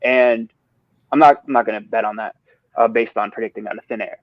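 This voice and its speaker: A man's voice: on the low side, steady tone, brisk, no room sound. Man, ranting sports bettor, profane, keeps apologizing, dull lo-fi sound, dry. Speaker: podcast co-host giving betting picks. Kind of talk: casual sports betting talk. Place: a different place than usual.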